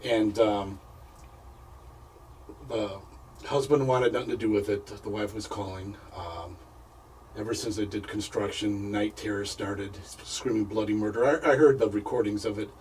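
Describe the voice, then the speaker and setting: A man's voice: fairly low pitch, steady tone, darkish tone, a little hiss or hum. Guy telling his story on a radio interview, stumbles and repeats himself a lot, sounds kinda far from the mic. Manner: halting, repeats words, stops and restarts. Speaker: paranormal investigator guest.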